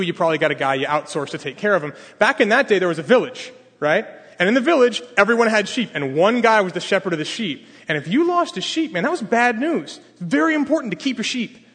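A man's voice: high-pitched, lively intonation, fast, few pauses, a bit bright, husky. A male pastor preaching a conversational sermon in a large hall, talking casually and asking the audience questions. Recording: long hall reverb.

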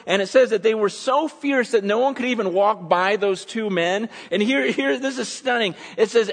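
A man preaching a sermon, telling stories dramatically and swinging between loud urgency and hushed intensity. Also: high voice, normal speed, hardly any pauses. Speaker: pastor. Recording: long hall reverb.

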